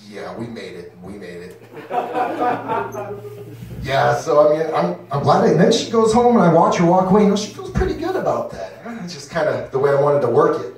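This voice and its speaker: Rambling stand-up comic in an echoey room. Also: male voice, fairly high pitch, sing-song, fast talker, few pauses, crowd noise. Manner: rambling, loose, full of "you know", acts out voices. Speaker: stand-up comedian. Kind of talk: first stand-up set. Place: comedy club stage. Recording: echoey room, distant mic.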